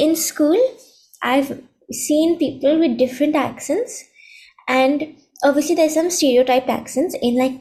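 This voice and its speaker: A woman's voice: sits high, dark tone. A thirteen-year-old girl answering podcast questions thoughtfully, with some hesitation. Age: teens. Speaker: guest. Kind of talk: casual chat.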